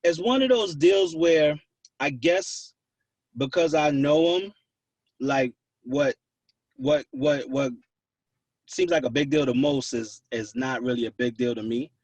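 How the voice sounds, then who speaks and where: A man's voice: a little high, measured pace, a little mellow, slightly rough, dry recording, distant mic. A man from New City, a DJ guest on a radio show chatting casually and hesitantly, restarting phrases as he thinks. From New York City. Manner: hesitant, repeats words while thinking. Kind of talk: casual interview chat.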